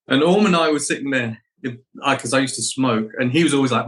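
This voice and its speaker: Man, middle-aged, interview guest, reflective, animated anecdotes. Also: mid-range voice, a little fast, low-quality recording. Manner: animated anecdotes, acts out quoted voices.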